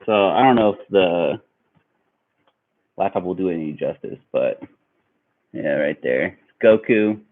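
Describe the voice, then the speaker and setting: A young man casually telling a rambling story to his viewers, animated and laughing along. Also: deep voice, measured pace, long pauses. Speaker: vlogger. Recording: tinny phone-like audio.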